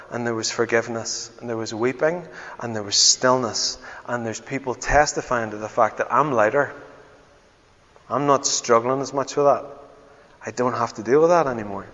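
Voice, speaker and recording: Pastor preaching in a reverberant hall. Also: male voice, mid-range voice, normal speed. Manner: swings from loud exclamations to near-whispered tenderness. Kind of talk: sermon. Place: church hall. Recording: dull sound with long church reverb.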